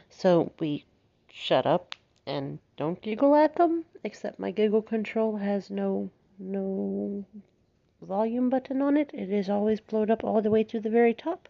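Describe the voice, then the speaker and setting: A woman's voice: medium pitch, vocal fry, warm tone. Giggly woman with a Southern twang. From Alabama, United States. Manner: giggly, swears freely, self-mocking. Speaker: podcast host. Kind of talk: casual monologue. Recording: slightly dull lo-fi recording.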